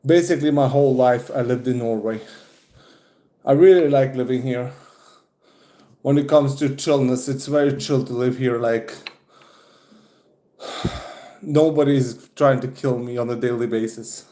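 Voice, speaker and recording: A man's voice: medium pitch, steady tone, measured pace, long pauses, warm tone, roomy sound. A young man from Serbia chatting casually on a livestream, out of breath after push-ups and swearing often. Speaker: streamer.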